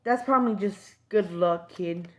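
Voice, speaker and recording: Brief: a two-faced friendly schemer, read by a woman, slow and casual. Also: medium pitch, lightly acted. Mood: sly. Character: sly friendly-seeming older man, rookie crusher.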